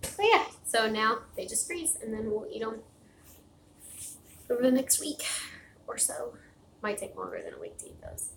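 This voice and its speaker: A woman's voice: fairly high pitch, huge pitch swings, normal speed, vocal fry, pauses often. A woman chatting casually on a home livestream, rambling and laughing often, growing tired and out of breath. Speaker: livestream host. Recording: echoey room with faint noise.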